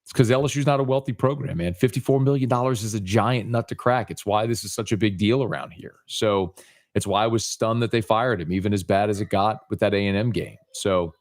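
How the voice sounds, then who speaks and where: A fairly low-voiced man from Louisiana, on as a guest sports reporter. He argues his points emphatically in a casual tone, often calling the host buddy. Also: a little fast.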